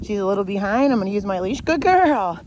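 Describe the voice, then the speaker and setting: A woman's voice: medium pitch, rapid-fire, a little mellow. A woman trainer talks viewers through a leash walk outdoors, step by step, in a plain mid-range voice. She explains as she walks, often breaking off to praise her dog. A faint hiss sits under her voice. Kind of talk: instructional demonstration while walking a dog.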